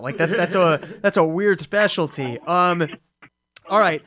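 A man's voice: sits high, a bit bright. A man hosting a radio show, joking and teasing a caller in casual comedic banter. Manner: teasing, joking, quick interjections.

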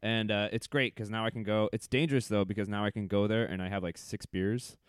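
A man, a stand-up comedian guesting on a podcast, chatting casually, laughing often and jumping into lively voices when he tells stories. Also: lowish voice, brisk, smooth, no room sound, studio quality. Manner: laughs often, storytelling with lively put-on quotes. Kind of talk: casual chat.

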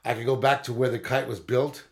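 A man's voice: medium pitch, steady tone, a little fast. A man in his fifties on a podcast, telling long, rambling, profane stories in casual chat. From Southern California. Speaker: podcast co-host.

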